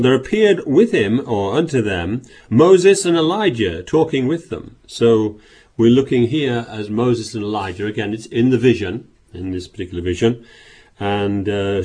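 A man's voice: on the low side, mellow, husky. A man preaching a sermon, reading scripture aloud and pressing his points with rhetorical questions and repeated words.

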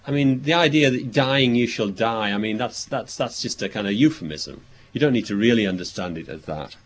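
A man preaching a sermon, reading verses aloud and explaining them, thinking aloud with pauses and restarts. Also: mid-range voice, animated, a little hiss or hum. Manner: expository, reads scripture aloud and explains it.

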